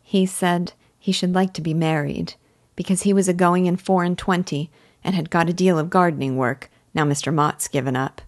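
A loving young village daughter, soft-spoken and earnest, as a woman reader gives her voice. The voice sits low and sounds close and dry, with no room around it. It carries a gentle warmth. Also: fairly even intonation, moderate pace, no room sound, natural voice.

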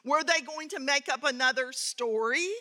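A woman's voice: high voice, moderate pace, bright, forceful tone. A woman teaching a Bible lesson who tells an anecdote, reads scripture aloud and adds earnest commentary. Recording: reverberant hall.

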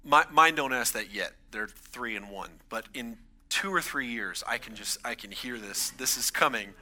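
A man's voice: mid-range voice, lively intonation, normal speed, sharp tone. A man in his thirties, a pastor, gives a conversational sermon in a church and builds emphasis on his key points.

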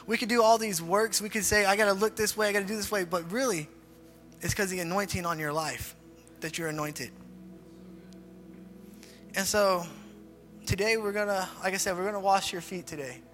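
A man's voice: sits high, fairly bright tone. A man preaching as a youth pastor in a casual, repetitive style, leading a group prayer. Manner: informal, repeats phrases, leads group prayer. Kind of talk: casual youth sermon with altar call. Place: church hall. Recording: reverberant hall with faint music.

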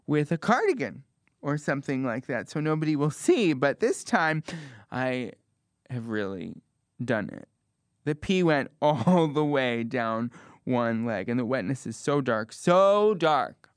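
A young man in his twenties performs a stand-up story with a candid, self-mocking edge. His voice sits at an ordinary middle pitch but leaps upward for comic effect. The sound is dry and close, with no room echo. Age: 20s. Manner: animated, with sudden comic jumps in pitch and bursts of laughter. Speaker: stand-up comedian.

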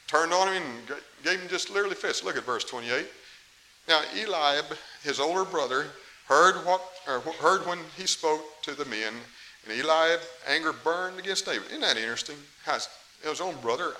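A man's voice: a little high, expressive, fairly quick, bright, forceful tone, poor audio. A middle-aged man preaching a sermon in a folksy, emphatic way, with asides to the congregation. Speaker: pastor. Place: church. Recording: faint hiss, 1990s tape.

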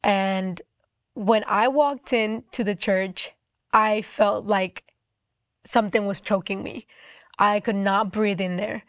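A young woman sharing a personal religious testimony in a quick, chatty way, with many fillers. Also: medium pitch, steady tone, no room sound, clean studio sound.

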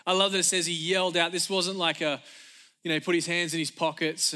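A man preaching a sermon as pastor, emphatic and energetic, returning again and again to a repeated refrain. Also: a little high, brisk.

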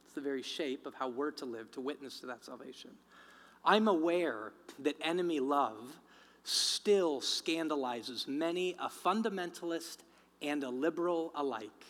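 A man preaching a sermon, telling a story with acted-out voices and then speaking quietly and earnestly. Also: on the high side, moderate pace. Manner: acts out quoted voices, then drops to quiet earnest reflection. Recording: long hall reverb.

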